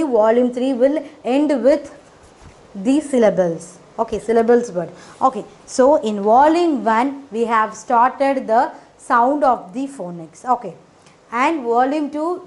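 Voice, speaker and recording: A woman's voice: on the high side, darkish tone. A woman teaching phonics in a casual explanatory way, with frequent fillers and repeated check-ins, in non-native English grammar.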